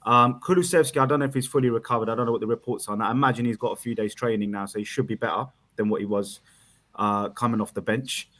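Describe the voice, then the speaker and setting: Excitable laughing man calling in. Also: fairly low pitch, fast talker. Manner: excitable, laughing, repeats himself. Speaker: caller. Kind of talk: casual fan chat.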